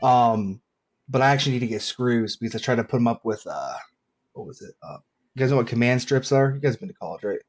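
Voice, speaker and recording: A man's voice: medium pitch, quick pace. Rambling man full of filler words. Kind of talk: casual panel chat.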